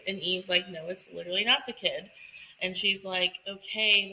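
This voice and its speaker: Woman, podcast co-host, casual chat, bright sharp tone, quotes characters, faint noise. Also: mid-range voice, fairly even intonation, low-quality recording. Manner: chatty, quick to react, quotes characters. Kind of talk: casual book discussion.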